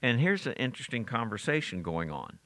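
Very animated and brisk, this man has a mid-range voice with a fairly bright tone. He works through the Bible verse by verse in a conversational style, frequently restarting and asking his audience questions.

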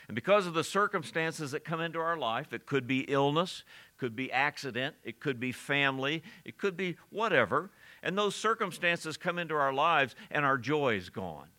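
A man's voice: medium pitch, sharp tone. A middle-aged man preaching a sermon earnestly, building to emphatic peaks and sometimes correcting himself mid-phrase.

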